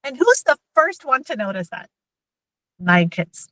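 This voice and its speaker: A woman and mother giving a lively workshop talk on emotional intelligence to parents and teachers. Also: sits high, measured pace, dry recording, poor audio. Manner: lively, acts out everyday scenes in quoted voices.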